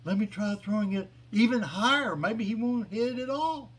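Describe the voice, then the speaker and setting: A man voicing a clueless, eager lobster creature in a spoken joke, naive and easily excited. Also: on the high side, fairly quick, breathy edge.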